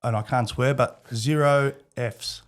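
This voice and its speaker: A man's voice: medium pitch, steady tone, a little slow. Candid Australian man, rambling talk. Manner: candid, rambling, many restarts and fillers. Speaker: podcast guest. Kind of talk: casual interview chat.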